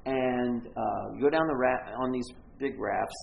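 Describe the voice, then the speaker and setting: A male pastor tells a story to his congregation in a rambling, self-mocking way, often stopping to restart his sentences. His voice is gravelly. The recording is echoey and a bit muffled, with faint room ambience behind him. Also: mid-range voice, a little slow, slight background noise. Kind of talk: storytelling sermon.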